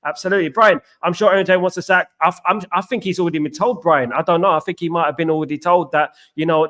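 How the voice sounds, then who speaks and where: A man's voice: fairly high pitch, quick pace, hardly any pauses, fairly bright tone. A man hosting a live football watchalong stream, talking casually and at length to his viewers, repeating himself and asking them questions. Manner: rambling, repetitive, asks viewers questions.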